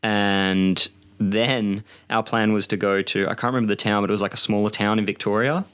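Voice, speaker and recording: Low-voiced Australian man telling a story. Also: brisk, clean tone. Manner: relaxed anecdotal storytelling. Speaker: podcast co-host. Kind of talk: casual storytelling.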